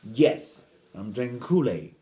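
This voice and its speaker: A man's voice: mid-range voice, sing-song, takes it slowly, warm tone. An earnest man talking casually to the camera, giving frank advice as a lodge member, often repeating himself and slipping into slang.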